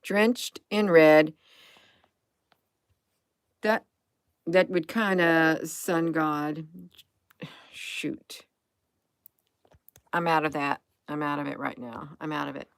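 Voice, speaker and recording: Slow, drained woman musing aloud. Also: deep voice, steady tone, a bit bright, clear, resonant tone, no room sound, studio quality. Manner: rambling, hesitant, with frequent "um" and restarts. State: tired, drained. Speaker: conspiracy commentary vlogger. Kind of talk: casual commentary over images.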